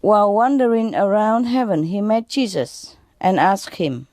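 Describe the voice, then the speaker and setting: A woman spiritual teacher telling jokes to an audience in an unhurried way, often laughing at her own punchlines and restarting her phrases. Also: medium pitch, a little mellow, no room sound.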